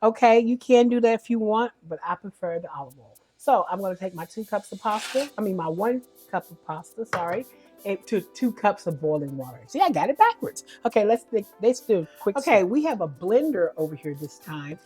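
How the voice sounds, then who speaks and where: A woman's voice: medium pitch, expressive, brisk, warm tone, faint music behind. A woman giving a casual cooking demonstration at home, chatty and homey, often correcting herself as she goes. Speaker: home cook.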